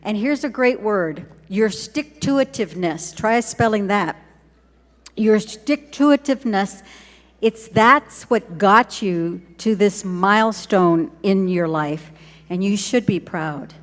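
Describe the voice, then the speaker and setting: A woman superintendent giving a graduation speech, warm and encouraging, with deliberate pauses. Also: mid-range voice, lively intonation. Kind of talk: ceremonial speech. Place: large hall at a graduation ceremony. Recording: long hall reverb.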